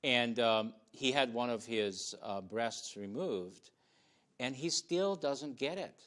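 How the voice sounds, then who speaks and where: A man speaking on a studio panel in a casual discussion, animated and laughing between phrases. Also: mid-range voice, takes it slowly.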